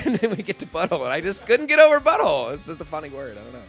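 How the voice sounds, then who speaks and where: A man's voice: a little high, wildly swooping pitch, rapid-fire, a bit bright, faint music behind. A man who works as a professional voice actor, talking in a casual convention interview, rambling and laughing often.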